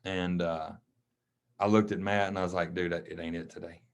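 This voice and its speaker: A man tells a personal story on a podcast, speaking in a fairly low voice. He is casual and emotional, and he acts out the dialogue of the people he quotes. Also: level tone, normal speed, clear, resonant tone. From Mississippi. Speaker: coach and podcast guest.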